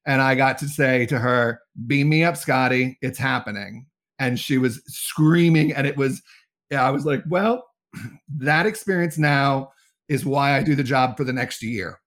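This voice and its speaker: A man's voice: medium pitch, a little slow. A middle-aged man, a talent agent, telling a story in a casual interview and acting out the quoted dialogue. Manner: animated, acts out quoted dialogue.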